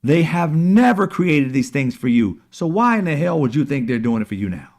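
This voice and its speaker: A man's voice: on the high side, very animated, moderate pace, a little mellow. A man hosting a political commentary show, talking in a heated, sarcastic, preachy way and cursing freely.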